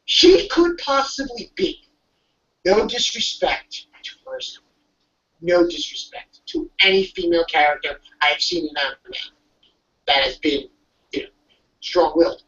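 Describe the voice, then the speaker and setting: A young adult recapping an anime episode in a casual, excitable chat. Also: medium pitch, a little slow, long pauses, distant mic. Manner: animated, excitable storytelling. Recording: muffled audio from off-mic.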